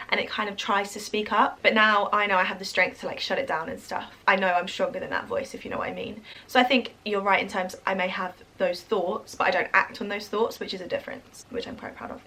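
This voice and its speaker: A woman with an English accent that drifts toward American, talking casually and quickly to camera as an influencer, with lots of "like" and "um". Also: medium pitch, fairly bright tone. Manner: fast, chatty, full of "like" and "um". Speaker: social media influencer.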